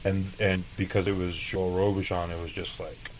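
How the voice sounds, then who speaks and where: A man's voice: sits low, little pitch movement, moderate pace, slight background noise, rough recording. A man from El Paso, a chef and podcast guest, telling casual, profane stories and acting out past conversations. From El Paso, Texas. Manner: profane, laid-back, acts out dialogue. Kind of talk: casual interview storytelling.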